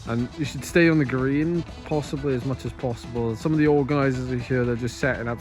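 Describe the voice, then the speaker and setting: A man's voice: medium pitch, steady tone, fast, soft background music. A man talking to camera in a casual, jokey, self-deprecating way, outdoors at a muddy race course. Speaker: vlogger and amateur cyclocross racer. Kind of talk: casual vlog chat to camera.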